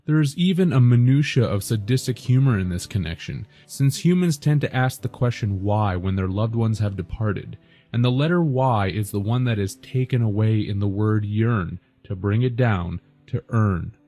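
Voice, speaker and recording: A man giving scripted narration in a measured, lecturing delivery. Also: lowish voice, expressive, warm tone.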